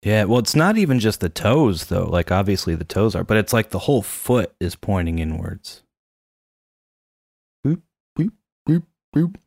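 A man's voice: low-pitched, lively intonation, moderate pace, creaky, hardly any pauses, darkish tone, no echo, clean studio sound. A man co-hosting a casual chat about a movie, loose and joking, swearing now and then. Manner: loose, swearing, laughs a lot. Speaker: podcast co-host.

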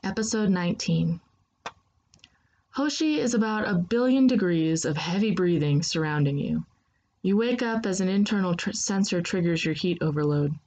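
A woman narrating a second-person story in a steady, unhurried reading voice. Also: on the low side, poor audio.

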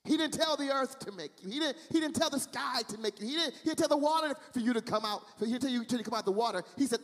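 High-voiced preacher in a reverberant hall. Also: male voice, lively intonation, fairly bright tone. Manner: emphatic, repetitive preaching with drawn-out, sing-song phrases. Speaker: pastor. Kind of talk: sermon. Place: church, also streamed online.

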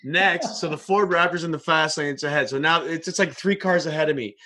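Man, husky, bright, swearing and animated in casual podcast chat. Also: a little high, a little fast. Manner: profane, animated storytelling.

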